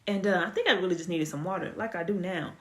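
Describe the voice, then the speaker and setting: A woman giving a casual spoken testimony, telling her story in a chatty, animated way with lots of fillers. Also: fairly low pitch, quick pace, noisy background. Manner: animated storytelling, acts out quoted dialogue; chatty with frequent fillers and restarts. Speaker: testimony speaker.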